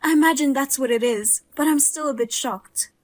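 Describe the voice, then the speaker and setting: In a dramatized story voice-over, a woman plays a heavily pregnant young wife who is also the daughter-in-law, suspicious, wry and grimly humorous. Her voice is high-pitched, lightly acted and at normal speed.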